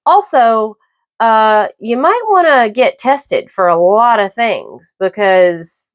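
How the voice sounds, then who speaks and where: A middle-aged woman hosting her own podcast, talking through a personal, opinionated monologue in a halting, emphatic way. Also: on the high side, very animated. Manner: emphatic, halting with repeated restarts. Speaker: podcast host.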